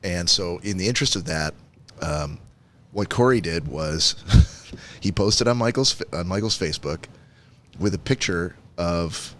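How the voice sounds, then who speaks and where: A man's voice: low voice, a little slow, fairly bright tone, slight background noise. A man co-hosting a casual podcast, setting up bits in a wordy, mock-formal way. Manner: wordy mock-formal setups, laughs easily. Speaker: podcast co-host. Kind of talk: casual chat.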